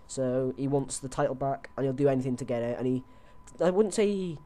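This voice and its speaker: A man's voice: medium pitch, lively intonation, a little fast, warm tone. A young man on a headset, chatting loosely through his predictions with lots of fillers and restarts. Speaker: host. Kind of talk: casual wrestling predictions chat.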